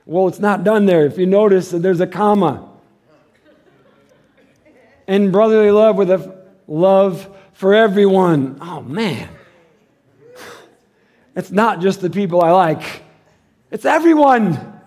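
High-voiced man preaching casually. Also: animated, slow, pauses often, darkish tone. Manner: conversational preaching, acts out quoted voices, chuckles often. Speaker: pastor. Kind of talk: sermon.

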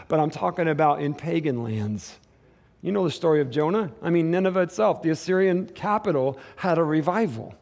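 A man preaching a sermon in a casual, animated way, acting out quotes as he goes. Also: fairly high pitch. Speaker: pastor.

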